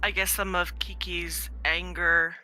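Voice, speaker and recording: A woman playing a tabletop role-playing game, speaking slowly and thoughtfully. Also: fairly low pitch, level tone, sharp tone, faint music behind, poor audio. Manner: slow, thoughtful and hesitant. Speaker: player. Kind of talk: tabletop role-play, in and out of character.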